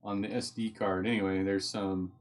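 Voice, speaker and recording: A man's voice: low voice, little pitch movement, normal speed. A man hosting a live stream at home, chatting casually and thinking aloud as he reads, easily getting sidetracked.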